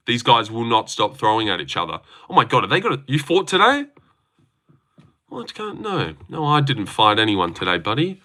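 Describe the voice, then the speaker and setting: A young man with an Australian accent, chatting loosely and swearing as he hosts a livestream and reads out comments. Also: mid-range voice. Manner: loose, excitable, swearing banter. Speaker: livestream host. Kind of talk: casual livestream chat reading comments.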